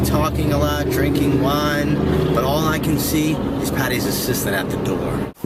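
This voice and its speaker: A man's voice: on the high side, poor audio. A man from New Jersey telling a personal story in a wry, self-mocking way. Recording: handheld camera with loud vehicle noise.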